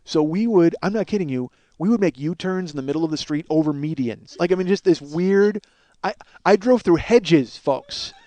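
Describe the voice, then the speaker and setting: Middle-aged man, comedy podcast host, rambling profane storytelling, slightly higher voice, dry close sound. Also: lively intonation, normal speed, mellow, dry recording. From Chicago area. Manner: rambling, profane, self-mocking, acts out dialogue. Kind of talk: comic storytelling monologue.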